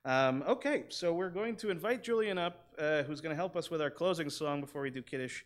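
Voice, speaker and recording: Fairly high-pitched and quick-talking, a man who sounds congested leads a synagogue service. Standing in the sanctuary, he runs through announcements for the congregation in a chatty way, with asides that trail loosely off.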